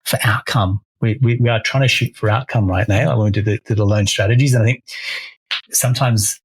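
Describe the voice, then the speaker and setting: A man's voice: lowish voice, fairly even intonation, a little fast, breathy edge, no echo, low-quality recording. A man, co-hosting a casual podcast as a mortgage broker, talking energetically and often restarting his phrases.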